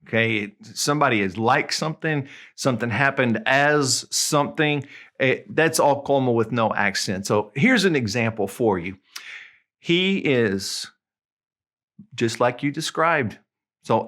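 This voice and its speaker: A man with a Southern US accent, teaching in a casual video lesson, chatty and friendly, spelling out examples slowly. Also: mid-range voice, a bit bright. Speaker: Spanish tutor.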